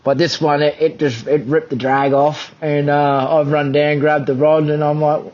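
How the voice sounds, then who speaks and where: A young man, a podcast guest, telling a fishing story in an animated, self-deprecating way. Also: on the high side, moderate pace, lo-fi sound. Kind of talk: casual storytelling.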